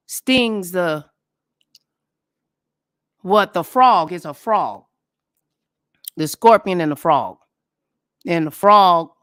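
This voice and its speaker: A woman hosting a casual livestream, telling stories and commenting in a blunt, profane, animated way. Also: lowish voice. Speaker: livestream host.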